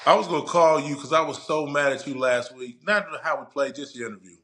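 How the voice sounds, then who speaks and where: A man in his forties, a podcast guest and former player and coach, telling stories in a loud, profane, emphatic way. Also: fairly high pitch, brisk. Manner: animated, profane, emphatic storyteller. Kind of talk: casual podcast chat.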